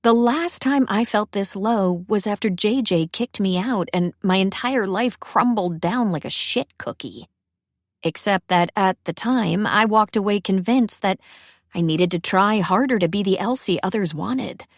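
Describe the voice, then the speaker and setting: A woman's voice: mid-range voice, a little slow, dry recording, clean studio sound. A young adult woman narrating a first-person romance audiobook in a wry, self-deprecating way.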